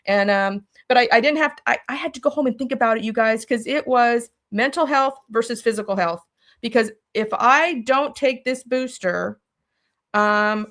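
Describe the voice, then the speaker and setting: A woman telling a personal story as an interview guest, animated and speaking directly to her listeners. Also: on the high side, moderate pace. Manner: animated, talks straight to listeners.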